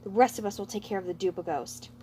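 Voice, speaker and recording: A woman voicing a calm, diplomatic young male turtle leader who speaks in a placid, authoritative way. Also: medium pitch, fast, slight background noise, lightly acted.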